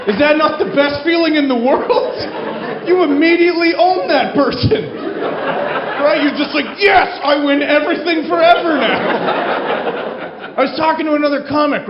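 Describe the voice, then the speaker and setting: High-voiced stand-up comic in a roomy club. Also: male voice, muffled recording, background noise. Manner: animated storytelling, acting out characters' lines. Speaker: stand-up comedian. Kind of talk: stand-up comedy set. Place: comedy club stage. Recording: roomy club recording with crowd laughter.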